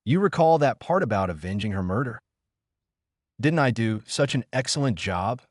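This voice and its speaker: A spiteful fox demon taunts and gloats in a pitched-up voice, as a man reading the story puts him on. The sound is dry and close, and the delivery swings widely in pitch. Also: animated, normal speed, dry recording, lightly acted. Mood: mocking. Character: cruel mocking male fox demon.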